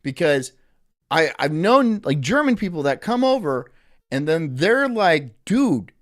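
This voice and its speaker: A man's voice: on the high side, very animated, unhurried, no room sound, studio quality. A man live streaming, rambling crudely with frequent swearing and laughter. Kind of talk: casual live-stream chat.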